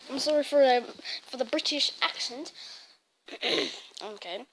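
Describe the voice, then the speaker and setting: A woman giving casual gameplay commentary in an excitable way, blurting out mild swears as she plays. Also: high-pitched, a little slow, husky. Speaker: gaming channel host. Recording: loud game music over the voice.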